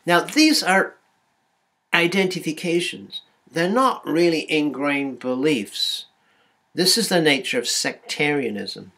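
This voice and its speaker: A man's voice: fairly high pitch, expressive, slow pace, bright, forceful tone. A man giving a university lecture, hesitant and full of ums and restarts.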